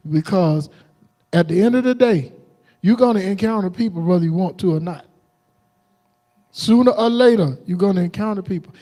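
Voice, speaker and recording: A man's voice: high-pitched, mellow. A man preaching an informal sermon, telling folksy stories and acting out what people said. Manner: folksy storytelling with laughs and acted-out quotes.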